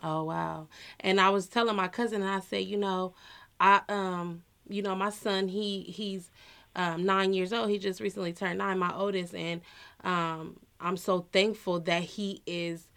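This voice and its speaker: A woman in her thirties talking in a relaxed, heartfelt way on a podcast. She speaks earnestly and often fills her pauses with "you know.". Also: mid-range voice, vocal fry, smooth. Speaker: podcast co-host. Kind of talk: casual personal chat.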